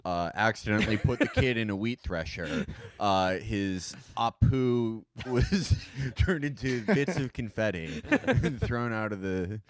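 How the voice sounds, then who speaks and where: A man's voice: on the low side, unhurried, no echo, studio quality. A man co-hosting a comedy podcast, riffing jokes with his co-hosts. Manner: riffing jokes, lively delivery. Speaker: podcast co-host. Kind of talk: comedic banter.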